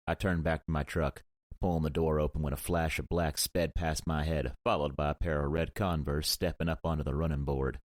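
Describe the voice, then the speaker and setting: A man narrating a romance audiobook in the first person, gruff and brooding, with frequent swearing. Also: a bass voice, fairly even intonation, a little fast, darkish tone, no room sound, clean studio sound.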